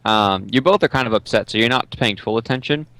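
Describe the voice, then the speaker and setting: A man narrating as game master in a tabletop game, halting with many ums and uhs. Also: mid-range voice, fairly bright tone, no room sound.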